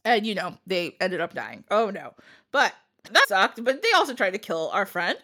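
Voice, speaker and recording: A woman hosting a podcast, retelling a folktale in a giggly, animated way. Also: medium pitch, moderate pace. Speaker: podcast host. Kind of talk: casual storytelling.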